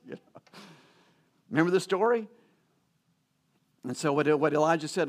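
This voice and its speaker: A man's voice: fairly high pitch, moderate pace, long pauses. A man preaching a sermon, retelling a Bible story in a conversational way and acting out the quotes, with fillers and restarts. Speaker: pastor.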